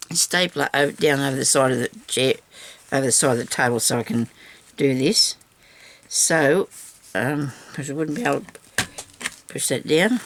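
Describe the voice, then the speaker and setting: Chatting casually while she crafts on camera, a woman talks to herself and her viewers and teases herself with small laughs for a tutorial. Her voice sits low, and slight background noise can be heard.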